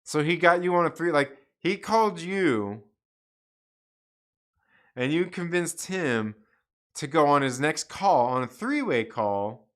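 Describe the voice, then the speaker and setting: An excitable man hosting a casual live-stream chat, reacting loudly and saying "dude" a lot. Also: fairly high pitch, takes it slowly, long pauses. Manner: excitable, peppers speech with "dude". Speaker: live show host.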